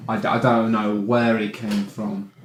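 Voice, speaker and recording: A man's voice: lowish voice, level tone, a little slow. A man in an improv comedy scene, talking in a flustered, rambling way. His voice sits in a roomy space. Faint noise hums under it.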